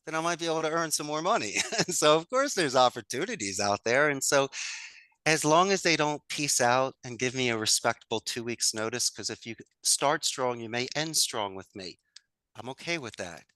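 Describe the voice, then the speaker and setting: A man's voice: medium pitch, expressive, moderate pace, pushed and bright, smooth, dry recording. A man talking as a podcast guest, upbeat and folksy, full of homespun sayings. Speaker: podcast guest, call center owner. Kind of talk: conversational interview.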